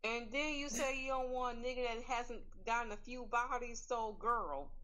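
A young woman co-hosting a casual chat, blunt and slangy with quick asides. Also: fairly high pitch, a bit bright. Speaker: podcast co-host.

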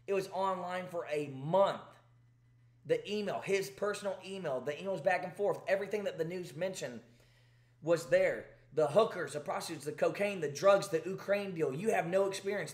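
A man's voice: a little high, echoey room. A man hosting political commentary, talking in an exasperated, emphatic rant. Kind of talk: ranting commentary.

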